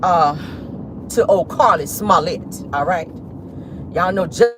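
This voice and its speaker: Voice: mid-range voice, expressive, takes it slowly. A vlogger in a car giving casual, bawdy celebrity-gossip commentary with laughing asides and lots of "honey" and "child.". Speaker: vlogger host. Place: parked car. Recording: noisy car interior.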